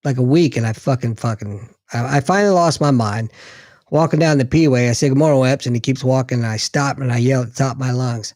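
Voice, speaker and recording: A man in casual chat, blunt and profane, telling his own stories with expressive delivery. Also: mid-range voice, fairly quick, dry recording, studio quality.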